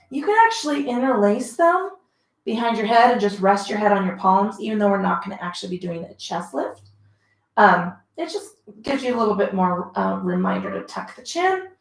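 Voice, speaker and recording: A woman leading a mat pilates class at home, giving chatty, encouraging cues between breathy exertion sounds. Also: mid-range voice. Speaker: pilates instructor. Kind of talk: guided workout instruction. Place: home room, dogs heard about. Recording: roomy echo.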